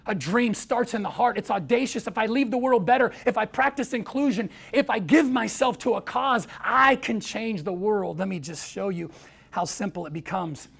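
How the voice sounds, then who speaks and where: A man's voice: high-pitched, moderate pace, creaky, fairly bright tone. An American man giving an inspirational talk, telling stories and acting out what people said. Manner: storytelling, acts out quoted voices. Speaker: speaker.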